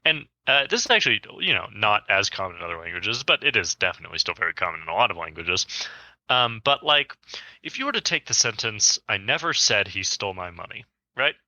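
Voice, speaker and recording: A man's voice: fast talker, no echo. A man co-hosting a podcast, explaining ideas in casual conversation and acting out spoken examples. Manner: explains with spoken examples, animated pitch jumps. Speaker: podcast co-host.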